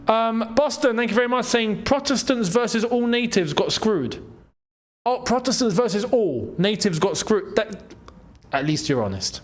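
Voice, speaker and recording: A young man hosting a live football watchalong, reacting excitedly to play and reading viewer comments aloud with frequent laughs. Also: high-pitched. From Algeria. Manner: excitable, laughs often, reads chat aloud.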